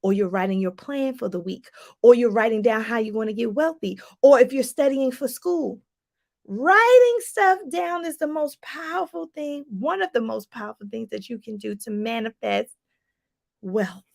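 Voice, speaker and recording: A woman life coach giving a lively motivational talk to viewers, calling them y'all. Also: a little high, moderate pace, vocal fry. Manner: animated, preachy, addresses viewers as y'all.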